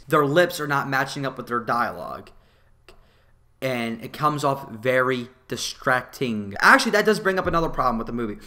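A young man giving a blunt, animated and profane movie review in a casual, opinionated way. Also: mid-range voice.

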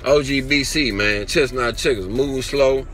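A man's voice: medium pitch, unhurried, fairly bright tone. A man vlogger giving an angry, profane commentary rant, tagging his sentences with "man" and "you know what I'm saying".

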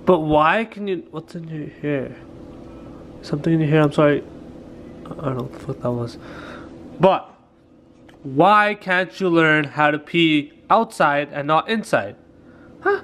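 A young man vlogging casually, excitable and swearing, switching to high baby talk with his dogs. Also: measured pace, pauses often, a little hiss or hum. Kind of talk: casual vlog talking to viewers and dogs.

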